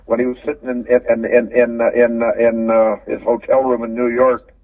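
An older Canadian former hockey player in a casual interview, rambling through stories, repeating words and chuckling. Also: male voice, mid-range voice, completely flat delivery, normal speed, no echo. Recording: phone-line audio from a distance.

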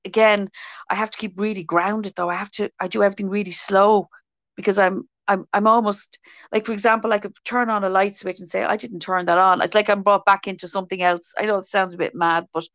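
A woman's voice: medium pitch, fairly even intonation, brisk, a bit bright, dry recording. Chatty woman with a Dublin accent. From Dublin, Ireland. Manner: chatty, laughs easily. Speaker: podcast co-host. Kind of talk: casual chat.

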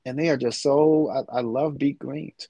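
A man's voice: mid-range voice, fairly even intonation, moderate pace, vocal fry, dark tone, slightly rough, no room sound, dull audio. A middle-aged man in a casual chat, talking with rambling enthusiasm. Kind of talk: casual chat about food.

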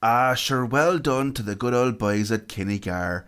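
A man's voice: mid-range voice, unhurried, fairly bright tone, smooth, lightly acted. A man with an Irish accent doing a half-hearted impression of a genial older Irish singer, barely changing his own voice. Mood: cheerful.

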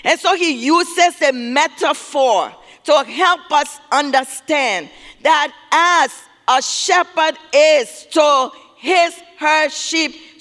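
Preacher, male, very high bright voice, slow and emphatic, repeats key words, booming hall reverb. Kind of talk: sermon. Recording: long reverb of a large hall.

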